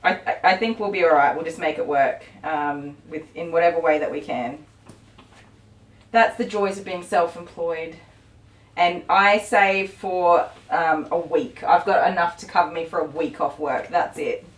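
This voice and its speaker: A rambling, chatty middle-aged woman with a fairly low voice talks on a casual live stream, full of ums and easy laughs. She sits back from the mic in a roomy space, with electric clippers buzzing behind her. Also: normal speed, far from the mic. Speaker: dog groomer and live stream host. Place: grooming salon.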